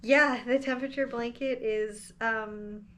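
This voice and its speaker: A woman's voice: a little high, fairly even intonation, unhurried, a bit bright, slight background noise. A young woman vlogging casually at home about her knitting, chatty with plenty of fillers and little laughs. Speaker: crafting vlogger. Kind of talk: casual vlog chat.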